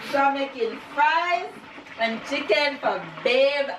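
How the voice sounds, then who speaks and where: A woman's voice: sits high, slow, distant mic. Young Jamaican woman talking from the stove, away from the camera, in a roomy, noisy kitchen. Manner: chatty while cooking, laughs often. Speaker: vlog host cooking dinner. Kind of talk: casual family vlog chat. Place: home kitchen. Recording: echoey kitchen, voice off-mic, noisy.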